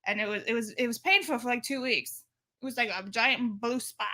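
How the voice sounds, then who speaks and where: A woman's voice: on the high side, a little fast, pushed and bright. A young woman co-hosting a podcast, chatting casually and telling stories with a giggle. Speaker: podcast co-host. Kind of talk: casual chat.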